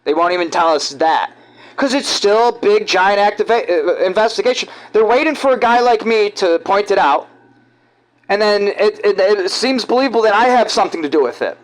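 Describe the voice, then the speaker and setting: A man from giving rambling, halting, conspiratorial commentary over video clips. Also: high-pitched, expressive, rough recording. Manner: halting, restarts often, conspiratorial. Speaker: vlogger.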